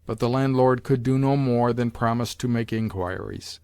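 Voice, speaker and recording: A man narrating a classic novel as an audiobook in a measured, formal reading. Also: mid-range voice, darkish tone, clean tone, no room sound, clean studio sound. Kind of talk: scripted literary narration.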